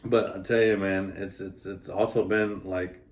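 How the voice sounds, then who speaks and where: Recorded from a distance, this man's deep voice stays level and unhurried as he and his partner talk about their pregnancy in a casual couple vlog. He's an expecting father whose heartfelt rambling is packed with fillers, and the room is echoey with faint noise.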